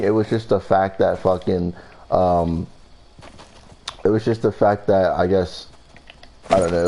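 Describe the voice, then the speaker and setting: Young man, lowish voice, casual storytime vlog, profane, rambling, filler words. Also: gravelly, a little mellow, a little hiss or hum. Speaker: vlogger.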